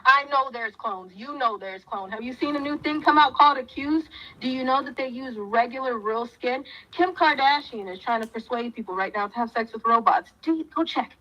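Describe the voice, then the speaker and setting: A woman's voice: sits high, brisk, bright, forceful tone. A woman talking to her viewers in a fiery, preachy way, firing off repeated questions. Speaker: commentator. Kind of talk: impassioned talk to viewers. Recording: muffled lo-fi audio.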